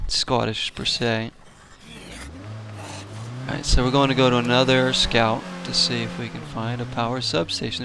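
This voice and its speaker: A man's voice: medium pitch, creaky, noisy background. A man hosting a casual let's-play, chatting and joking with viewers and laughing often as he plays. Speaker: gaming channel host.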